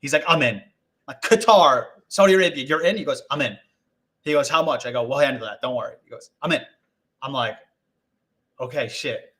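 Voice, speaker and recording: A young man telling a rambling story as a guest on a live video call, animated and full of swearing and acted-out quotes. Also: medium pitch, a little fast, pauses often. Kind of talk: casual storytelling on a live stream.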